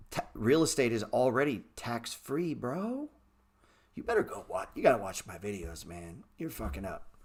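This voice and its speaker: A middle-aged man with a somewhat low voice hosts a casual trading livestream. He talks bluntly and swears freely, lecturing the viewers who write in. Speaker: trading show host answering viewer chat.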